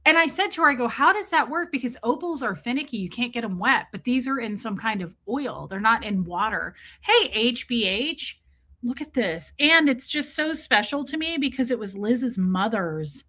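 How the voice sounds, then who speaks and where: A woman's voice: a little high, animated, moderate pace, pushed and bright. A woman chatting casually on a livestream, gushing over jewelry and greeting viewers by name. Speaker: livestream host.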